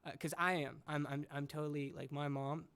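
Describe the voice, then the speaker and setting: A man's voice: fairly high pitch, flat delivery, a little fast, a bit bright, clear, resonant tone. A young man hosting a casual podcast chat, rambling and jokey, with lots of fillers and restarts. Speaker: podcast host.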